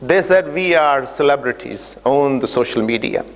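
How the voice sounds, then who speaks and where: A man's voice: mid-range voice, lively intonation, normal speed. A man giving a storytelling lecture, narrating an imagined journey and acting out dialogue with hesitant fillers. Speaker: speaker giving an Islamic talk. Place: mosque or community centre hall. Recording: long reverb of a large hall.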